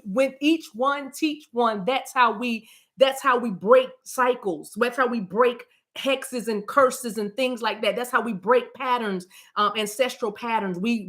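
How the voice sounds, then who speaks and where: Bright-voiced chatty American woman. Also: fairly high pitch. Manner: chatty, storytelling, addresses viewers as y'all. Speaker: spiritual channel host. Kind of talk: casual spiritual talk to viewers.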